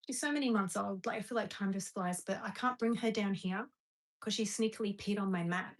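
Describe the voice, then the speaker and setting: On a home livestream, a woman with an Australian accent chats casually in a mid-range voice. She rambles and breaks off between remarks to talk to a dog.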